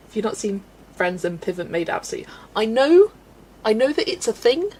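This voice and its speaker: A woman's voice: a little high, very animated, moderate pace, pauses often, darkish tone, slight background noise. A woman chatting casually at home while colouring on a livestream, answering chat and often breaking into giggles. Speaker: livestream host.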